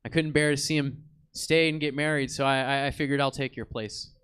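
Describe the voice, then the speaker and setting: A man's voice: mid-range voice, steady tone, fairly quick, fairly bright tone, clean tone, pitched below the performer's own voice, natural voice. A man voicing the ghost of a World War Two soldier, stammering and heartfelt as he tells his story. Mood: wistful. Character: earnest old WWII soldier ghost, wistful.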